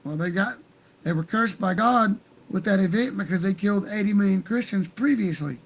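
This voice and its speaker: A man's voice: high voice, moderate pace, rough recording. A man hosting a livestream, talking in a heated, profane, rambling rant. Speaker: livestream host.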